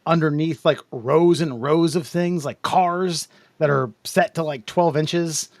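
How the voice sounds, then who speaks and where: A man's voice: on the high side, a little slow, dry recording. A man co-hosting a podcast, telling rambling, self-mocking stories in casual chat. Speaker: podcast co-host.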